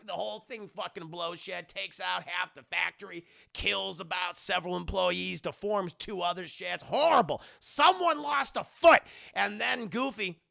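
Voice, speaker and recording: Bright, gravelly male streamer. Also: high voice, normal speed, no echo, studio quality. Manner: rambling, profane, talks to chat. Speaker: streamer reviewing a movie. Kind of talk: casual live-stream commentary.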